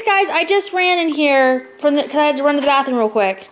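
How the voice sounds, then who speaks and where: Tired high-voiced young mom vlogging. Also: female voice, animated, moderate pace. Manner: chatty, sing-song talk to her toddler. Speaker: mother vlogging family life. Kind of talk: casual home vlog chat. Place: family home.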